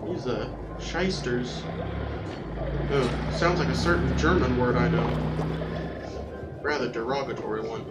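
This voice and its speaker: A man giving casual, rambling gameplay commentary as a let's-play host, yelping excitedly whenever his creature gets attacked. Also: mid-range voice, measured pace, pauses often. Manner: chatty, rambling, excitable yelps when attacked. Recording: roomy, distant mic, game music behind. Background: game music.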